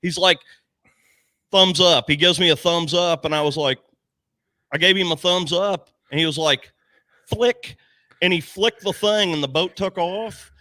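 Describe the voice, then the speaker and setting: A man's voice: fairly high pitch, normal speed, no room sound. A man telling a story in a casual podcast chat, swearing often and acting out the other people's lines. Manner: animated, profane storyteller who acts out dialogue. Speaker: podcast panelist.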